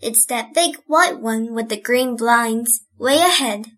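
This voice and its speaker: A woman's voice: on the high side, slow, fairly bright tone. A woman reading an audiobook, voicing a flustered young housemaid who stammers and talks in plain rustic grammar.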